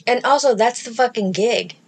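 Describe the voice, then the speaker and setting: A woman in her thirties, a podcast co-host talking in casual chat, blunt and profane, with bursts of loud laughter. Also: a little high, normal speed, husky.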